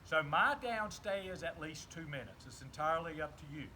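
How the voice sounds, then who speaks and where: A man with a Southern US accent, a dog trainer calmly explaining his methods between short commands to a puppy, recorded outdoors. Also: fairly high pitch, normal speed, a little hiss or hum, low-quality recording. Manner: calm, explains while giving short commands.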